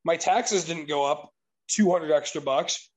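High-voiced man ranting casually. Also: unhurried, poor audio. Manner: profane, exasperated storytelling. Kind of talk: casual chat.

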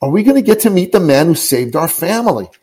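A man's voice: on the high side, very animated, fast, darkish tone, slightly rough, voice pushed up. A man voicing a young boy asking his mother questions in a raised, hopeful child's voice. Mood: eager.

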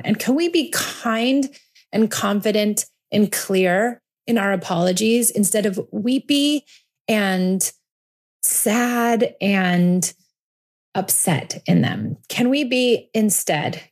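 A woman in her forties hosting a parenting podcast, talking earnestly and reflectively, slowing down to stress her points. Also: medium pitch, darkish tone. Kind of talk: reflective solo podcast talk.

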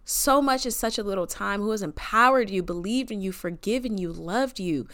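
A woman hosts a podcast, speaking casually and with deep feeling. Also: normal speed, a bit bright. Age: 20s. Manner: chatty, slangy, emotional and reverent. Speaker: podcast host. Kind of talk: casual devotional podcast monologue.

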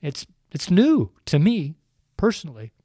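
Older man, tearful preacher, pleading, soft dark tone, dry close sound. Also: on the high side, wildly swooping pitch, a little slow, no room sound. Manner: pleading, earnest, repetitive appeals. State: tearful, crying while speaking. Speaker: street preacher and podcast host. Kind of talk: heartfelt preaching on a podcast. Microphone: podcast microphone.

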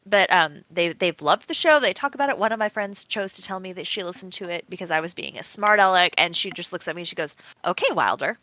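A woman's voice: lowish voice, quick pace, few pauses, no echo, highs cut off. A woman co-hosting a podcast in casual chat, telling stories animatedly and acting out what others said. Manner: animated storytelling, acts out quoted voices. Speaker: podcast producer and co-host.

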